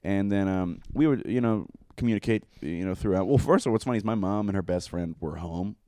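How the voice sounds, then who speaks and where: A man's voice: sits low, a little fast, warm tone, dry recording, clean studio sound. A young man telling a long, rambling, profane story in casual chat, full of fillers.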